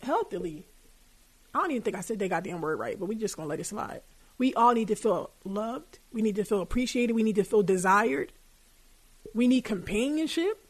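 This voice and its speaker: Young woman podcast host, a little higher voice, blunt and profane, casual advice talk. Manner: candid and profane, colloquial.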